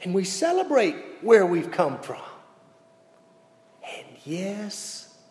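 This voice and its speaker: A man preaching a sermon as pastor, telling a story with big swings between loud and hushed delivery. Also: high voice, sing-song, takes it slowly. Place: church sanctuary. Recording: echoey church hall sound.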